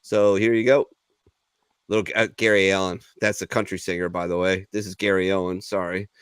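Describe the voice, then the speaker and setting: A man's voice: low voice, level tone, a little fast, clean tone, no echo, studio quality. A man hosting a casual veterans' talk show, rambling and swearing freely, a little tipsy. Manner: loose, rambling, profane storytelling. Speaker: podcast host. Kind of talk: casual chat.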